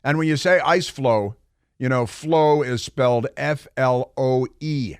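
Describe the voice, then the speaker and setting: On a studio microphone in a dry recording, a middle-aged talk radio host rambles through an opinionated monologue, mocking as he goes and piling on fillers and asides. His voice is mid-range and clean, at a measured pace.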